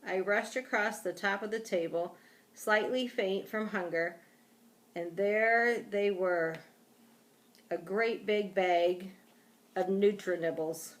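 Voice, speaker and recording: Woman reading aloud a children's chapter book; measured, slow delivery with expressive exclamations. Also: mid-range voice. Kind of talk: storybook read-aloud.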